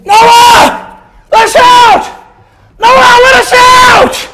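A preacher voicing trapped people in hell, shouting desperate pleas. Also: male voice, very high voice, little pitch movement, very slow, a loud crowd, heavy background noise, pitched above the performer's own voice, heavily acted. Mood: desperate begging. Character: damned people banging on walls, begging.

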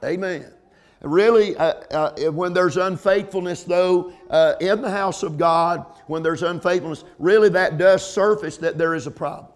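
This high-pitched middle-aged pastor delivers a sermon full of repeated words and frequent "amens." He eases his pace to emphasize key points before building to loud climaxes.

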